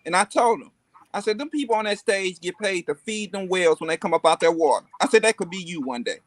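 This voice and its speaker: A man's voice: high-pitched, fast talker, no room sound. A man, sharing a folksy family story in casual podcast chat. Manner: folksy, tells a family anecdote.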